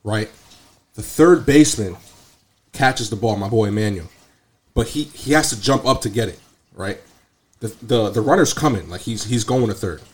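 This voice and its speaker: A young man casually telling an animated, slangy story full of profanity. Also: on the low side, moderate pace, long pauses. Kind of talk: casual chat.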